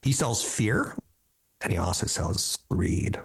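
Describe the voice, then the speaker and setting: Man in his fifties, radio host, gravelly low voice, husky, animated storytelling. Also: takes it slowly. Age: 50s. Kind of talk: casual talk radio monologue.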